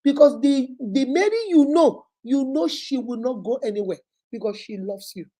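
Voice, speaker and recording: A woman hosting a vlog speaks with a Nigerian accent in a high, mellow voice at normal speed. Her commentary is passionate and preachy, full of scolding, repetition, and rhetorical questions.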